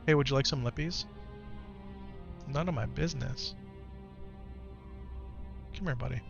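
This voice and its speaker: A man streaming live who talks softly and coaxingly with his young son, then reads and answers his chat in casual talk. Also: mid-range voice, measured pace, gravelly, lo-fi sound. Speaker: streamer and father. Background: game music.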